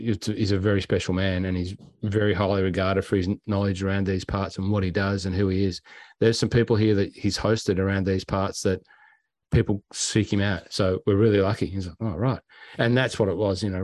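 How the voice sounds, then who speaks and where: A man's voice: sits low, no echo. Chatty Australian man telling stories. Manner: animated, acts out quotes and sounds. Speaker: podcast host. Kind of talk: casual storytelling.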